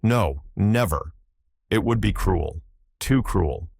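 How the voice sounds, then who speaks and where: A man voicing a hoarse, rough-spoken sailor who talks in halting, broken phrases and keeps begging to be understood. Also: deep voice, expressive, a little mellow, no echo, studio quality, heavily acted. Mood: insistent. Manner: repeats himself, pleads to be understood. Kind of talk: audiobook character voice.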